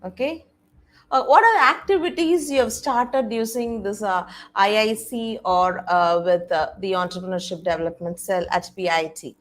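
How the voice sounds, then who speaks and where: A woman's voice: medium pitch, normal speed. A woman giving an online presentation to faculty and students, explaining step by step and often stopping on "okay" and "all right". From India. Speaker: panel speaker on innovation policy.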